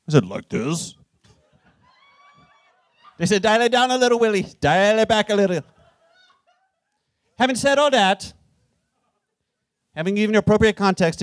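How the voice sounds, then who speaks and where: A man's voice: on the high side, no echo. A man playing a jovial, boastful old Irish poet with an Irish accent, on a live comedy stage, swinging between cheeky bragging and ponderous recitation. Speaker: guest. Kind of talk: live comedic character performance.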